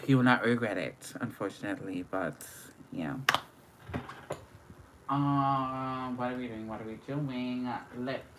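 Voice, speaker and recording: A woman's voice: extremely low pitch, takes it slowly, noisy background. A young woman chatting playfully through a live makeup tutorial and greeting viewers as they join. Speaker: makeup livestreamer.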